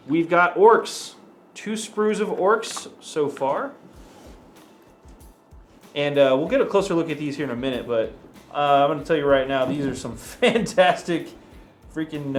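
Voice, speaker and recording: A man hosting an unboxing, chatting casually, chuckling and thinking aloud as he goes. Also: mid-range voice. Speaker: host.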